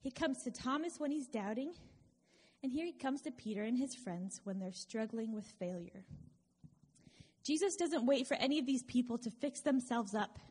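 A woman's voice: fairly high pitch, lively intonation, normal speed, darkish tone, breathy edge, long reverb tail. A woman delivering a sermon in an earnest, conversational way, with wry asides to her listeners. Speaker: preacher.

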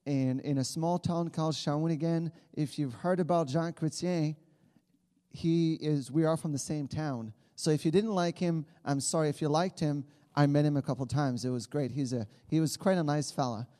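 A man's voice: a little high, moderate pace, mellow, in a large hall. A man in his thirties from Quebec with a Quebec French accent, a native French speaker giving an earnest church talk as a campus missionary. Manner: earnest, with many restarts.

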